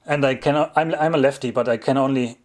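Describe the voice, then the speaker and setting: A man's voice: mid-range voice, quick pace. German-accented man chatting on a livestream. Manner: relaxed, chuckling, often restarts and rephrases mid-sentence. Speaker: livestream host answering chat questions. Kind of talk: casual livestream chat.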